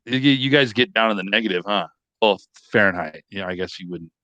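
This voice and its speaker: A man's voice: on the low side, fairly quick, bright, forceful tone, dry recording. Laid-back joking guy from california, guest on a podcast, dull lo-fi call audio, dry. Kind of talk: casual chat.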